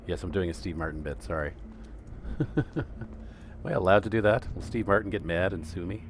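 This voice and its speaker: A man's voice: low voice, expressive, normal speed. A man casually commenting on a game he streams, joking and sarcastic, with a faint hiss behind him. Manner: joking, sarcastic, slips into voices. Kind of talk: casual gameplay commentary with read-aloud quests.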